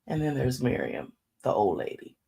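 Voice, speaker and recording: A woman in her fifties hosting a faith talk show, preaching in a casual, folksy way and dropping into hushed asides. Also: rumbling low, sing-song, normal speed, vocal fry, husky. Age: 50s.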